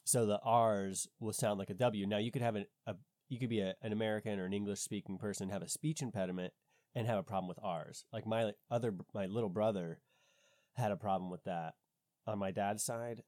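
A man's voice: fairly low pitch, steady tone, brisk, a little mellow, no echo, studio quality. A man in casual conversation, skeptical and questioning, thinking aloud with frequent restarts.

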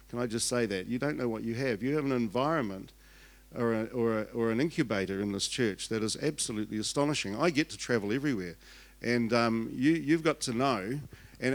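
Chatty older Kiwi pastor, joking. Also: male voice, mid-range voice. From New Zealand. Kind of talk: sermon.

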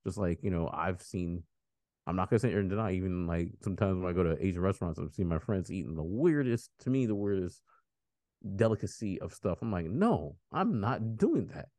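A man's voice: low-pitched, fast talker, no room sound, clean studio sound. An American man hosting a podcast, chatting casually and rambling through stories with laughs. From United States. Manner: rambling, animated storytelling with laughs. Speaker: podcast host. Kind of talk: casual chat.

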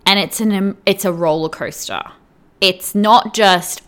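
Slow-talking earnest woman coach. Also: medium pitch. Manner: earnest, tags lines with "right?" and "okay?". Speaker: weight-loss coach. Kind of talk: direct advice talk to the viewer.

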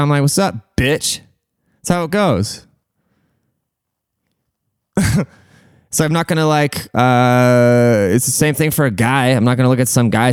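A man's voice: medium pitch, smooth, dry recording. Young man, casual storytelling, profane, rambling, resonant voice, dry close sound. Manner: crude and profane, filler-heavy rambling.

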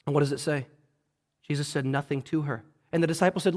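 A man's voice: a little high, fairly even intonation, fast talker, a little mellow. A man pastor preaching a sermon in a church, earnest and conversational, often turning to the listeners with questions. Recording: long hall reverb.

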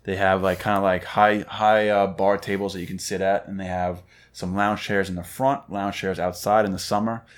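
Casting: male podcast co-host, lowish voice, easygoing storyteller. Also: normal speed. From Northeastern US. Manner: laid-back, animated storyteller. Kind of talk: casual chat.

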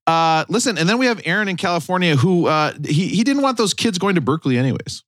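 A male podcast host with a very animated, swooping delivery, full of sarcasm and mock outrage. His voice sounds close and dry, with no room around it. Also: sits high, fast, no echo. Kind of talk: casual podcast banter.

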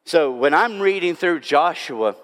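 A man, a pastor, preaching a sermon, telling self-mocking stories and then dropping to hushed, drawn-out words. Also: a little high, lively intonation. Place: church sanctuary. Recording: long hall reverb.

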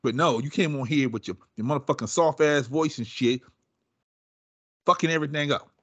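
A man hosting a podcast, talking casually, animated and teasing his guests. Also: fairly high pitch, a little fast, husky, dry recording. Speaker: podcast host.

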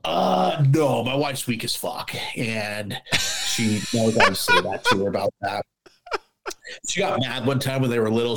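A man's voice: mid-range voice, expressive, moderate pace, fairly bright tone, poor audio. A middle-aged man, a former police officer, chatting casually on a podcast, bluntly and with lots of swearing, acting out both sides of conversations. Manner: blunt, profane storyteller, acts out dialogue.

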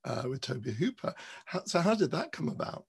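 A man's voice: fairly high pitch, sing-song, a little fast, vocal fry, husky. A man interviewing a guest, giving brief friendly prompts and follow-up questions.

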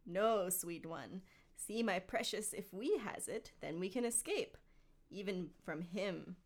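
A woman's voice: fairly low pitch, unhurried. A woman reading the part of Gollum, a wretched, scheming creature muttering to itself in a hissing, wheedling, partly whispered theatrical voice.

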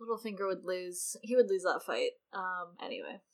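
A woman co-hosting a casual book discussion podcast, expressive and peppering her talk with "like" and "you know". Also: on the low side, normal speed. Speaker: podcast co-host.

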